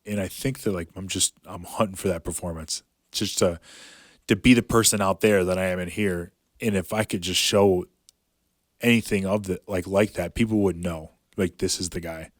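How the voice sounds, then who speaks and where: A man's voice: low-pitched, fairly even intonation, normal speed, no echo, studio quality. A man in his thirties, a professional fighter, talking casually as a podcast guest and rambling with lots of filler words. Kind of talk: casual storytelling chat.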